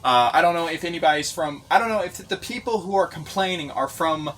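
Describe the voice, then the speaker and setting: A man from Tennessee talks loosely in a vlog, restarting his sentences as he goes. His voice sits a little high. A faint hum of ambience runs under the recording inside his bus. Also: a little fast. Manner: rambling, restarts, relaxed and chatty. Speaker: vlogger. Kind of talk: casual vlog walkthrough.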